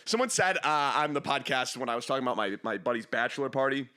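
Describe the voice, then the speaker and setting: A man's voice: medium pitch, fast, pushed and bright. A young man hosting a casual solo podcast, rambling and self-mocking as he jumps between tangents. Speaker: podcast host.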